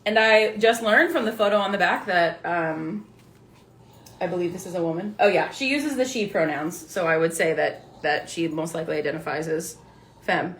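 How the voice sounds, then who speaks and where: A young woman chatting casually as a book vlogger, excitable and swearing freely as she reads book blurbs aloud. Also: on the low side, normal speed. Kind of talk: casual book haul chat to live viewers.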